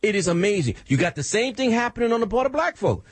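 Man, radio host, high voice, dry sound, emphatic, preachy, rhetorical. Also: wildly swooping pitch, brisk, few pauses, husky, dry recording. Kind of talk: impassioned radio monologue.

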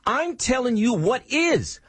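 A man's voice: very high-pitched, sing-song, measured pace, breathy edge, no room sound. A man hosting a radio show, talking in an emphatic, preachy monologue full of rhetorical questions. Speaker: radio host.

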